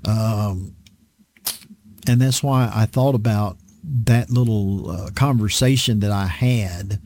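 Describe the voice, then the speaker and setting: A male preacher giving an earnest, unhurried sermon-style talk on a program, with frequent fillers and restarts. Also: lowish voice, a little mellow, slight background noise.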